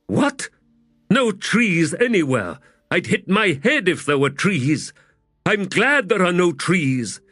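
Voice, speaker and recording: A man voicing a towering, brash female giant warrior with a loud, stentorian voice and blunt, clipped speech, in an audiobook. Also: high-pitched, very animated, takes it slowly, no echo, clean studio sound, voice pushed up, heavily acted.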